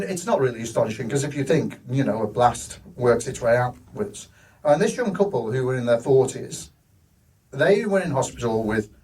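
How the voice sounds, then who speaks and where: A man's voice: medium pitch, a little mellow, recorded from a distance, rough recording. A man, a hospital cinema manager telling rambling, enthusiastic stories in a live stage interview. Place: live show venue.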